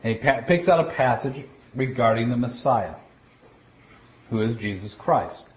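In a dull lo-fi recording, a man with a mid-range, animated voice preaches a Bible teaching. He explains scripture step by step in a deliberate way, often stopping to restart a word.

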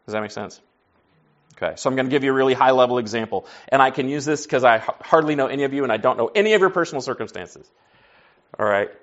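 A man's voice: mid-range voice, quick pace, dull audio. A man preaching to a class in a conversational teaching style, folksy, asking the group questions and answering them himself. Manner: folksy, says y'all and like.

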